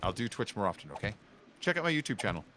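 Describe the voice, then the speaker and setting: A young man talks casually while streaming a game, telling stories in a jokey, animated way. His pitch jumps around a lot. Faint noise sits under his voice. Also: fast. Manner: animated, jokey storytelling with acted quotes. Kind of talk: casual gaming stream chat.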